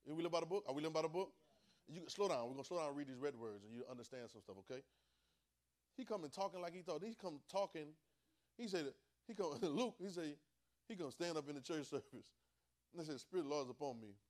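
Dialect-speaking preacher swinging from soft to loud. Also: male voice, fairly high pitch, fast. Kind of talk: sermon.

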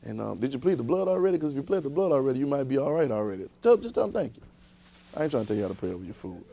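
A man's voice: medium pitch, animated, very fast, vocal fry, warm tone. A man preaching a conversational sermon, repeating himself and throwing rhetorical questions at the congregation.

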